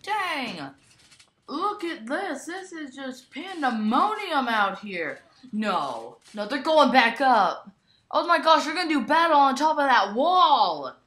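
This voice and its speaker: Excitable high-voiced girl commentating. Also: slow. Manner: frequent excited exclamations and shouts. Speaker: toy wrestling match commentator. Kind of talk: excited play-by-play commentary of a toy match. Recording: echoey room.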